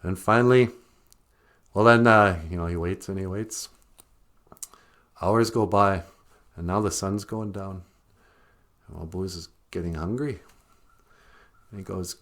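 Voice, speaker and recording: Unhurried man telling a folk tale. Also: low voice. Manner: relaxed, unhurried, with fillers and chuckles. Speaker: storyteller and channel host. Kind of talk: casual spoken folk tale.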